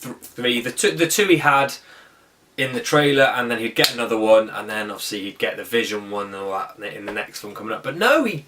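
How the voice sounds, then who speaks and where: Man, casual film review, enthusiastic, rambling, self-correcting, mid pitch, slightly distant mic. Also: noisy background. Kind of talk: casual spoken movie review.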